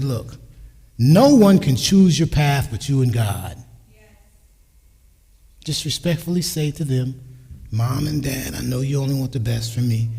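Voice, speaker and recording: A gravelly, mellow, slightly rough voice at medium pitch belongs to a man in his sixties preaching about parenting in a church sanctuary. He shares stories from home and acts out his family's words himself, and the hall has a strong echo.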